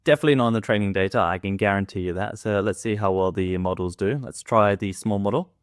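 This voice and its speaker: Low-voiced man casually comparing results. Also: quick pace, no room sound, studio quality. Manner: relaxed, tentative verdicts with fillers; calls his reading voice monotone. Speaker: tech video host. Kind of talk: casual commentary.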